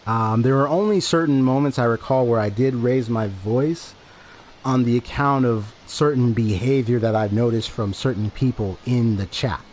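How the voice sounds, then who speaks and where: A man's voice: mid-range voice, moderate pace, a little mellow, slight background noise. Rambling man streamer talking to chat. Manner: rambling, repetitive, defensive explaining. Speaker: game streamer. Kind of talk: casual livestream talk to chat. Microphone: desk microphone.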